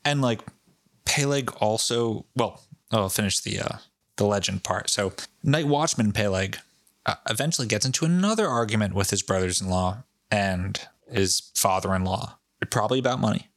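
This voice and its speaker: A man with a Rhode Island accent tells a local legend in loose, swearing podcast chat. His voice sits low. The recording is close and dry, with no room sound. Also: normal speed, no room sound. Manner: profane, off-the-cuff and animated. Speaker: podcast co-host. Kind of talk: casual chat, storytelling.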